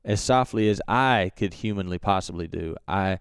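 A young man telling a hunting story in a relaxed, halting way with many fillers and restarts. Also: low voice, clean tone, dry recording, studio quality. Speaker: turkey hunter recounting a hunt. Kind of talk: casual storytelling.

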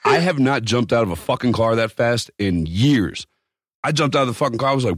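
Podcast co-host, male: deep husky voice, swings wide when telling stories, crude and blunt, dry room. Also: fairly quick, dry recording. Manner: profane, animated storyteller. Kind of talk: casual chat.

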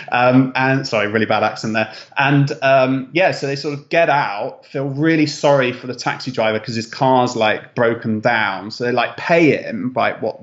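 Male guest, chatty storyteller, hesitant, lots of ums, mid pitch, muffled lo-fi audio. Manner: rambling, hesitant, many fillers and restarts. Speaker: travel content creator, guest. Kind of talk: casual interview chat.

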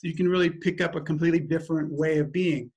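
A man's voice: fairly high pitch, fast talker, a little mellow, breathy edge. A man leading a personal growth workshop, speaking in an emphatic, repetitive way. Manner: emphatic, repetitive, circling phrasing. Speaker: workshop leader. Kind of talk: teaching a group.

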